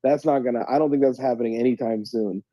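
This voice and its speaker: A man rambles excitedly through casual podcast talk, stumbling over his words and breaking into laughter. His voice is warm and mellow, dry, with a slightly dull, lo-fi recording. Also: mid-range voice, quick pace, no echo. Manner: animated, rambling, laughs a lot, frequent restarts. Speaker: co-host.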